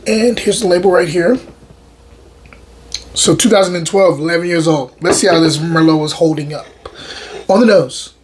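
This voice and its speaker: Hosting his own show, a man with a slightly high voice tastes and reviews a wine. He's relaxed and enthusiastic, and he often repeats his words.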